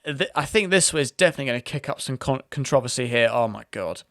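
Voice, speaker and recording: A man's voice: mid-range voice, animated, quick pace, fairly bright tone, dry recording, clean studio sound. A British man hosting a casual online video, talking in a chatty, rambling way with frequent restarts. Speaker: YouTube host. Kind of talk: casual commentary.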